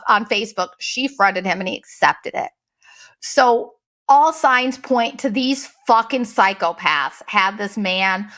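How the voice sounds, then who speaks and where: A woman hosting a podcast, telling a story in a casual, profane, animated way and mimicking the people she quotes. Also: a little high. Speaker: podcast host.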